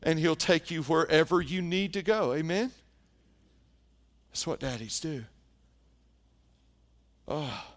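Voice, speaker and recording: A man preaching a sermon, telling stories and often dropping to a hushed tone for emphasis. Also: on the high side. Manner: storytelling preacher, dramatic pauses, drops to hushed tones. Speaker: pastor.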